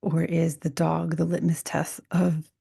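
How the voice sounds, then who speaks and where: Woman host, warm low tone, flat delivery, soft half-whispered reflective monologue. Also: measured pace, gravelly, husky, dry recording, clean studio sound. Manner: soft, often half-whispered, musing with restarts. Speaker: podcast host. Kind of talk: reflective solo podcast talk.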